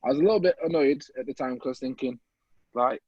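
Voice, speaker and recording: Young man, Midlands accent, podcast guest, animated storytelling, middle pitch, dry slightly dull sound. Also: quick pace, slightly rough, no room sound. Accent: English Midlands. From England. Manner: animated, acts out voices of people in his story. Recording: slightly muffled dry recording.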